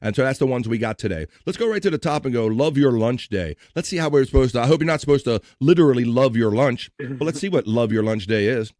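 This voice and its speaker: A man's voice: mid-range voice, quick pace, few pauses, no echo, studio quality. A man hosting a live stream, chatting casually and joking, at times singing along. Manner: energetic, jokey, sings along.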